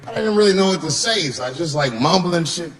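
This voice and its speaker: Profane stand-up comedian, animated storytelling. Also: male voice, quick pace. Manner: profane, conversational, swings pitch for emphasis.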